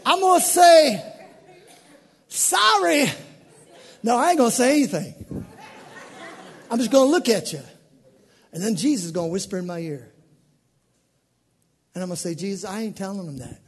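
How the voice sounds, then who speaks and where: A male pastor preaching a sermon in a church sanctuary, swinging from quiet asides to shouted bursts. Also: very high voice, lively intonation, moderate pace, long pauses, slightly rough, big-room sound, a faint crowd.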